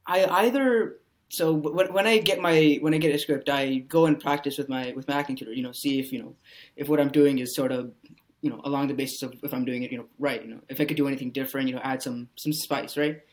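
A man's voice: medium pitch, steady tone, quick pace. A man, an actor appearing as a podcast guest, speaking casually and rambling with lots of "you know" fillers.

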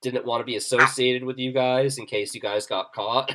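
Game master, relaxed and loose, average-pitched male voice. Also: normal speed. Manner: relaxed, loose, filler-heavy. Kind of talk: narrating a tabletop game.

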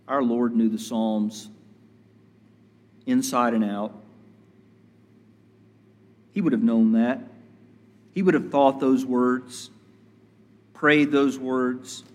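A man preaching a sermon as a pastor, measured and deliberate, building emphasis through repetition. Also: medium pitch, little pitch movement, darkish tone, in a large hall.

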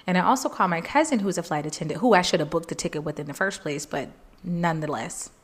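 Woman telling an emotional story, lowish. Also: fast. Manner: emotional, animated retelling, jumps high when quoting people; faith-filled, earnest. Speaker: podcast host. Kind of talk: personal storytelling.

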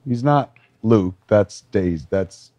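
A man co-hosting a podcast, chatting about entertainment news in an animated, emphatic way. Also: lowish voice, slow, no room sound. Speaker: podcast co-host. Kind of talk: casual entertainment news chat.

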